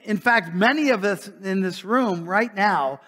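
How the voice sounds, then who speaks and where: High-voiced guy preaching in a church, reads the verses then talks them through, some echo hanging in the room. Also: measured pace, sharp tone. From Midwestern United States. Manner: reads scripture then explains it conversationally, with restarts. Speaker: pastor. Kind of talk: sermon. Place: church sanctuary.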